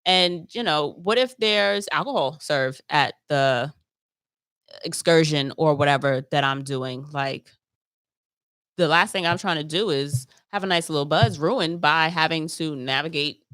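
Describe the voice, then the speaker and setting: A woman's voice: sits low, unhurried, fairly bright tone, smooth, dry recording, studio quality. A woman hosting her own travel podcast, chatting casually and loosely, trailing off and picking back up. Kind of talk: casual solo podcast chat. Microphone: close mic, streamed live.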